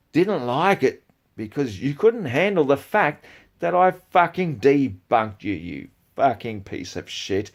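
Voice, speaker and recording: A man delivering angry ranting commentary, profane and heated, swinging between low mutters and loud outbursts. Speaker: video creator.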